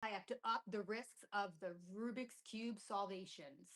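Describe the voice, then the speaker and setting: A woman's voice: medium pitch, moderate pace, a bit bright. A woman hosting her first live stream, nervous and bubbly, chatting to viewers and repeating herself, with some echo from an unattached mic. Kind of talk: casual live stream chat. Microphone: camera or built-in mic, mic not attached. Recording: echoey room sound from a detached mic.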